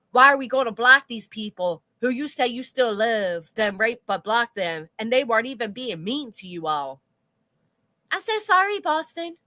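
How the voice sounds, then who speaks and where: A woman's voice: a little high, sharp tone, dry recording. A woman hosting a livestream, reading chat comments aloud with blunt, sarcastic commentary and casual swearing. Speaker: commentary channel host.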